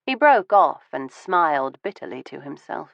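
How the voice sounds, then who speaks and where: A woman narrating a first-person audiobook in a composed, measured way. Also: low voice, big pitch swings, creaky, dry recording. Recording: dull, dry studio audio.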